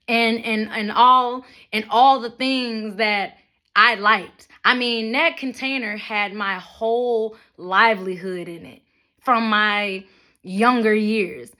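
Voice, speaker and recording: A young adult woman vlogging a blunt, profane rant to her viewers, with mocking asides and animated storytelling. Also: on the high side. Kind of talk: ranting monologue to camera.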